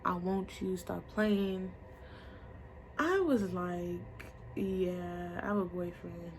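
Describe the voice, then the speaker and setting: A young woman gives a casual storytime vlog in a medium-pitched, gravelly voice. She is blunt and profane and acts out the voices of the people she quotes. A faint hiss of noise sits behind her. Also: takes it slowly.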